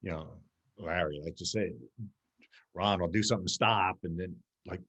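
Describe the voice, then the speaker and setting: A man's voice: low voice, moderate pace, breathy edge. A man, a martial arts teacher, chatting as a guest on a video call and acting out little scenes as he talks. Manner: animated storytelling, acting out scenes. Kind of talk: casual video-call chat.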